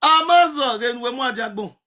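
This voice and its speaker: Animated Nigerian man chanting to viewers. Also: moderate pace. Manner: chanting, sing-song calls to viewers; animated, swinging between loud shouts and low mutters. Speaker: TikTok live streamer. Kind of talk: casual live-stream chat to viewers.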